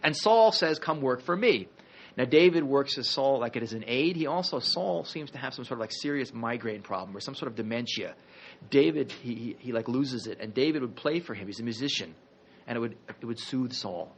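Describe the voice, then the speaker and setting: A man teaching a history class as a rabbi, telling the story in a lively, conversational way with jokey asides. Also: mid-range voice, brisk, a little hiss or hum.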